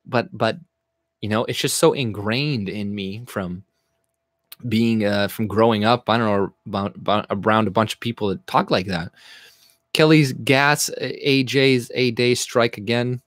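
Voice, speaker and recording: A man's voice: lowish voice, a little slow, no room sound, clean studio sound. A young man from Canada hosting a casual livestream, talking bluntly with a lot of swearing, rambling, and reading the chat aloud as he answers it. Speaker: livestream host.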